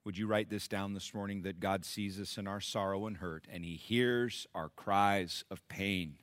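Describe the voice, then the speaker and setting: A middle-aged man preaching a sermon to his church, rising to loud emphatic peaks and dropping to hushed, intimate asides. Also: deep voice, fairly even intonation, dry recording. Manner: acts out biblical characters in quick voices. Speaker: pastor.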